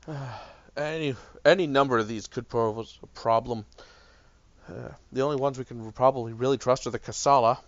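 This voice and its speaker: A man runs a tabletop game, narrating with many hesitant fillers. His voice sits mid-pitch. The sound is dry and a bit dull. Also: steady tone, moderate pace, pauses often, no room sound. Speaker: game master.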